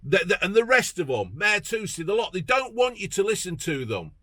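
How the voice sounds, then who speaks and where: A man's voice: high voice, big pitch swings, a little fast, pushed and bright, dry recording. A man from England, ranting bluntly and profanely about politics in a casual vlog. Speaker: political vlogger.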